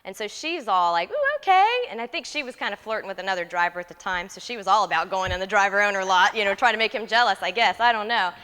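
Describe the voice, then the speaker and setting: A woman in her thirties, an interview guest telling a story in a lively, animated way and acting out the quotes. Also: medium pitch, quick pace, hardly any pauses, clear, resonant tone, long reverb tail. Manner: lively, laughing, acts out quotes.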